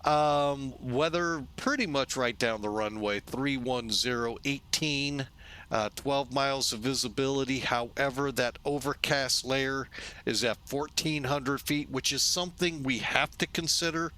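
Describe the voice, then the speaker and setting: A man's voice: mid-range voice, unhurried, sharp tone, a little hiss or hum. A man from St. Louis hosting a flight-sim video, narrating casually with rambling asides, jokes and self-corrections. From St. Louis, USA.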